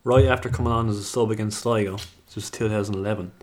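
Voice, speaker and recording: A man co-hosting a football podcast, asking quick questions in a casual chat. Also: lowish voice, fairly even intonation, a little mellow. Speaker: podcast co-host.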